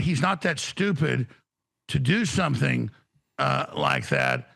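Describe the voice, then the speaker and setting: A man's voice: a little high, big pitch swings, slow, vocal fry, pushed and bright. A man who is a guest on a talk show, speaking over a remote video call in a rambling, stammering and emphatic way. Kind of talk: political talk show conversation. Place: remote studio.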